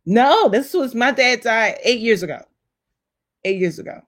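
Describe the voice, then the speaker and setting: A woman in her forties telling personal stories in a casual, heartfelt conversation, acting out what people said with big pitch jumps. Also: measured pace. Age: 40s. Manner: animated storyteller, acts out voices with big pitch jumps.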